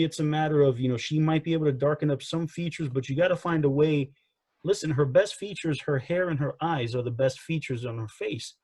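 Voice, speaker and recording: Podcast co-host, male, slightly high voice, dry close sound, rambling casual wrestling chat. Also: darkish tone, no room sound. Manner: rambling, repeats himself, frequent "you know" and "again".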